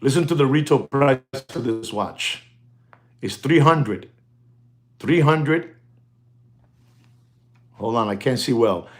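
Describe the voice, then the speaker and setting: Excitable man hyping watches. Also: medium pitch, takes it slowly, pauses often. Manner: animated, mixes Spanish exclamations into English, thanks viewers by name. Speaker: watch dealer hosting a live stream. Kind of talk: excited live-stream watch showcase.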